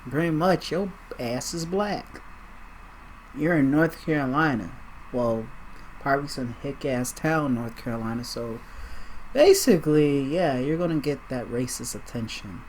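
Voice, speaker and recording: A man's voice: fairly high pitch, a little hiss or hum. A man doing casual reaction commentary, talking bluntly, swearing and rambling as he reacts to an old talk show clip. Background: music.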